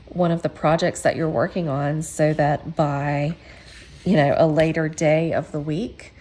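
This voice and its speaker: A woman's voice: low voice, a little mellow. A woman hosting a casual craft tutorial, chatty and encouraging, with frequent ums. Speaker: quilting channel host.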